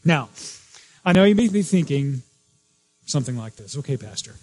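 A man's voice: on the high side, expressive, moderate pace, darkish tone, rough recording. A man preaching a sermon as pastor, earnest, repeating key phrases and restarting often.

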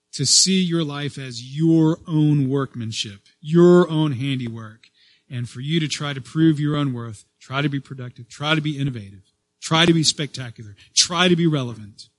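A man's voice: a little high, normal speed, no room sound. Emphatic preaching pastor, man. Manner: emphatic preaching, swelling louder on key phrases then dropping soft; repeats and restarts phrases as he speaks. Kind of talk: sermon.

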